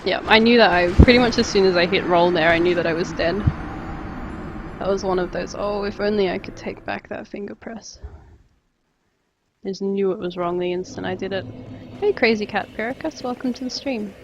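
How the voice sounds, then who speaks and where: A woman's voice: mid-range voice, fairly quick, highs cut off, background noise. A young Australian woman chatting casually with her viewers while she plays a game on a live stream, rambling from one thought to the next. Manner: chatty, rambling, reads and answers chat.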